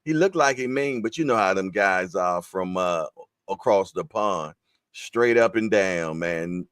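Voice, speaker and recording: A man's voice: on the low side, lively intonation, unhurried, dry recording, clean studio sound. A man hosting a casual live-stream boxing show, talking in laid-back slangy banter. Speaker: boxing news show host.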